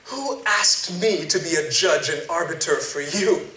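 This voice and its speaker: A man's voice: a little high, a little slow, pushed and bright. A man voicing Jesus as a stern teacher firmly warning a crowd against greed. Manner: firm, admonishing. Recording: echoey hall, distant mic.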